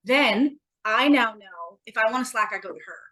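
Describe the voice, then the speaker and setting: A woman's voice: a little high, lively intonation, moderate pace, bright, forceful tone, rough recording. A woman co-hosting a casual podcast chat, talking in an emphatic, motivational way and swearing casually. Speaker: podcast co-host.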